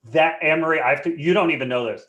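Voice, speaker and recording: A man presenting a live webinar in a joking, conversational and animated way. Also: fairly high pitch, fast.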